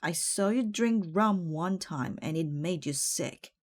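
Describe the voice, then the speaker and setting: Woman reading as a pert, gentle pirate mate. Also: lowish voice, lively intonation, takes it slowly, a little hiss or hum. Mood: stubborn.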